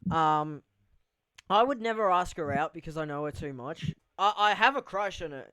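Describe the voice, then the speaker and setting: A man's voice: fairly high pitch, lively intonation, moderate pace, fairly bright tone, clean tone, dry recording, rough recording. A young man hosting a casual podcast, rambling loosely and swearing freely. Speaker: podcast host. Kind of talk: casual chat.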